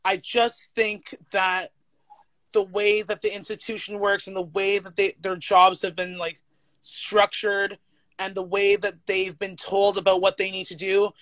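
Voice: mid-range voice, little pitch movement, measured pace, fairly bright tone, no echo. A teacher as a guest in a casual chat, talking candidly with frequent swearing and filler words. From United States.

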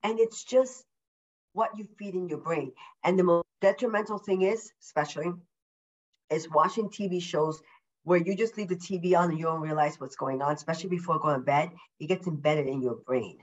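An upbeat woman guesting on a podcast, bubbly and emphatic, doubling up her words. She keeps her pace slower than her usual rush, and her voice sits fairly low. The remote call sounds a little muffled and lo-fi. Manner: deliberately slowed speech. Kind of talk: casual interview chat. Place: at home.

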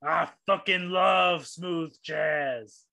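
Gruff tavern brawler, blunt threats, man doing it, tabletop game. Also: on the high side, very slow, sharp tone, exaggerated voice. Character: tough male bar brawler who punches patrons.

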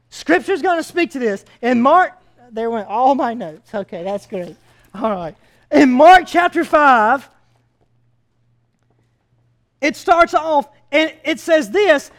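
A man preaching a sermon as pastor, telling stories in a conversational way with frequent fillers. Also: very high-pitched. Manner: conversational storytelling with hesitant fillers.

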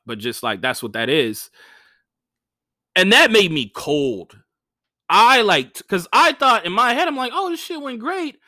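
A young adult man telling stand-up gig stories in a loose, profane podcast chat, his voice bright and a touch high. He swings his pitch up sharply whenever he acts out the people he quotes. The sound is dry and close, with no room around it. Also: dry recording. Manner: animated, swears freely, acts out quoted voices with big pitch jumps. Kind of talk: casual podcast storytelling.

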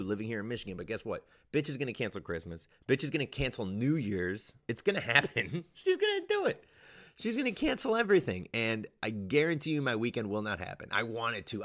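A young male comedian ranting in a casual vlog, swearing often and jumping to loud, high peaks. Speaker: stand-up comedian.

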